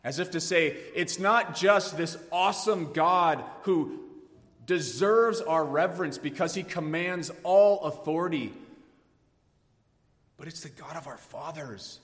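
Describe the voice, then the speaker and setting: A man preaching a sermon, swinging from hushed tones to emphatic rises. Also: on the high side, unhurried, in a large hall. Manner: dynamic preaching, dropping to hushed tones then rising emphatically. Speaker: pastor.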